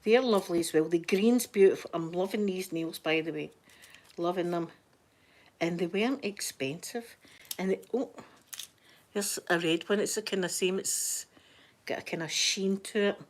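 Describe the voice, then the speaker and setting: A Scottish woman chatting softly for a live ASMR stream, easy and rambling, slipping now and then into whispers, close to the microphone. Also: lowish voice, normal speed. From Scotland. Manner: soft-spoken, chatty, drifting into whispers. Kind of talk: soft-spoken ASMR chat.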